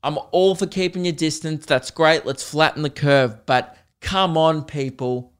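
A man's voice: a little high, a little slow, smooth. Profane ranting young podcast man. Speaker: podcast host. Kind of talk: solo podcast rant.

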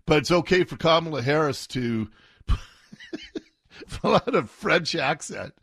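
A man's voice: on the high side, animated, slow, pauses often, a bit bright, slightly rough, no room sound, clean studio sound. A man hosting a talk radio show, delivering an opinionated, mocking monologue and laughing often.

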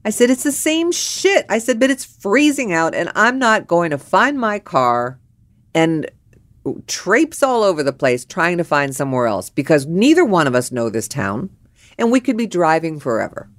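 An older woman telling a personal story in a lively storytelling monologue, acting out the other people's lines with big jumps in her voice. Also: moderate pace, no echo. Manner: animated, acts out quotes with big pitch jumps.

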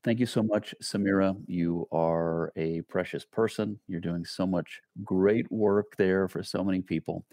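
A man hosting a podcast, thanking his guest and delivering a measured, deliberate sign-off. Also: deep voice, steady tone, dark tone, dry recording, studio quality. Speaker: podcast host. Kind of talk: podcast interview and outro.

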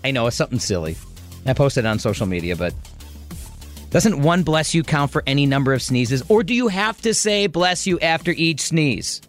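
A man's voice: on the high side, moderate pace, faint music behind. Chatty male radio host. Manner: chatty, animated storyteller. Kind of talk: call-in radio chat.

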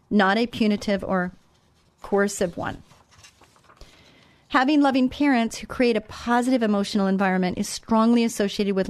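A woman's voice: mid-range voice, no echo. Middle-aged woman radio host, faith talk, conversational and repetitive, dry close mic. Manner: conversational, repeats words, says "okay?" and "you know". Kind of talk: Christian parenting talk.

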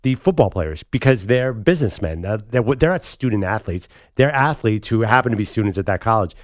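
A man in a studio debate on a sports show argues quickly and emphatically, his voice sitting low. The sound is dry and close, with no room around it. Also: expressive, dry recording. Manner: fast, emphatic, argumentative. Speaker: sports talk co-host. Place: studio set.

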